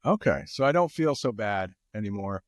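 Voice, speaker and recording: A man's voice: lowish voice, animated, moderate pace, no echo, clean studio sound. An American man, a guest English teacher, chatting casually on a podcast in an easygoing way, often repeating his phrases. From United States.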